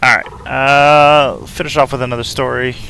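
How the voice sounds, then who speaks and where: A man's voice: mid-range voice, fairly even intonation, normal speed, creaky, pushed and bright, smooth. A man in his thirties chatting casually on a game live stream, rambling loosely with lots of fillers and restarts.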